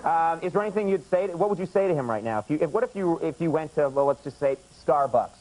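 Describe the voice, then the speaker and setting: A man in his thirties hosting a late-night talk show, interviewing a guest with teasing jokes and quick asides. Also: a little high, expressive, a little mellow, low-quality recording. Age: 30s. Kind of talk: comic interview banter. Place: TV studio with audience. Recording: VHS archive tape with faint hiss.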